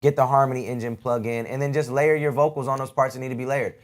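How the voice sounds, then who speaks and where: A man hosting a live music review show, giving blunt, casual critiques in relaxed slang. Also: medium pitch, quick pace. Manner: blunt, laid-back slang.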